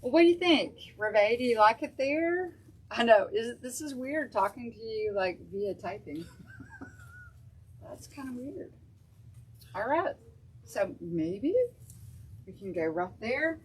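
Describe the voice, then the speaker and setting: A woman's voice: on the high side, animated, measured pace, slightly rough, rough recording. A woman hosting a casual craft stream, chatting and thinking aloud as she works. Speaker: craft show host. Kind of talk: casual craft livestream chat.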